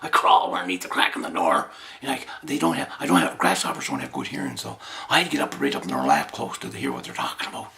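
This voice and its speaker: A man's voice: very deep voice, sing-song, fast, creaky, pushed and bright. A man doing a rambling comic commentary on his own tall tales, dryly repeating that it was all boring.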